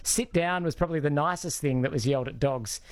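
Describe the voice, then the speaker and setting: A man's voice: a little high, fast talker, dry recording, studio quality. An Australian man hosting a talk radio show, conversational and friendly with callers. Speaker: radio host.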